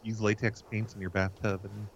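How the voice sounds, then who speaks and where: Soft-spoken mumbly male host. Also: lowish voice, little pitch movement, moderate pace, vocal fry, dull audio, noisy background. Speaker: comedy show host. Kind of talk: casual banter on a live show.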